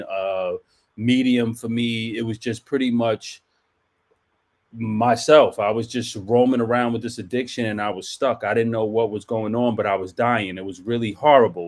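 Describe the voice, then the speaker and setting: A man earnestly telling his personal story of addiction and recovery, with emotional, conversational storytelling. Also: mid-range voice. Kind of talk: personal testimony.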